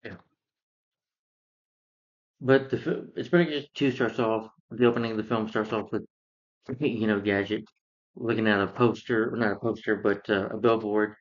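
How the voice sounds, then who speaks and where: A man's voice: fairly low pitch, steady tone, normal speed, pauses often, dull audio. A man casually reviewing a film, rambling through the plot with lots of fillers and restarts. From lives in Georgia, US.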